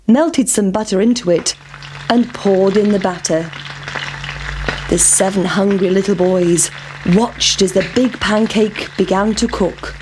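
A woman reads a children's story aloud at an unhurried pace. Her delivery is clear and measured, at a middle pitch. A faint hiss sits behind her voice. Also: darkish tone. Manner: slow, clear, measured reading.

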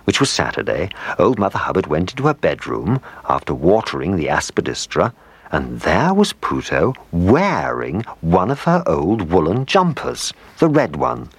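A man's voice: sits low, huge pitch swings, normal speed, creaky, husky, no echo. A man reading a children's story aloud, playful, with asides to the listener.

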